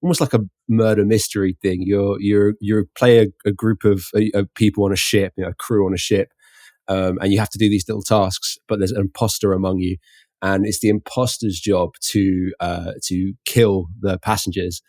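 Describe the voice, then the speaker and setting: Low-voiced man, halting podcast chat. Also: flat delivery, darkish tone, dry recording, studio quality. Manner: hesitant, lots of fillers. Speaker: podcast producer.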